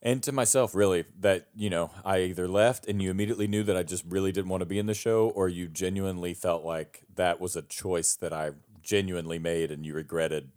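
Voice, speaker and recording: A man's voice: low-pitched, fairly even intonation, fairly quick, hardly any pauses, darkish tone. A man on a headset mic, telling a rambling, self-deprecating story in casual chat and laughing often.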